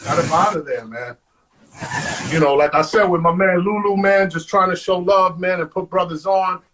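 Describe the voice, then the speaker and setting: A man, a guest on an interview show, telling stories in an animated way, acting out quotes and saying "man" all the time. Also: sits high, moderate pace, background noise. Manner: animated, acts out quotes, says "man" constantly. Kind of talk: storytelling.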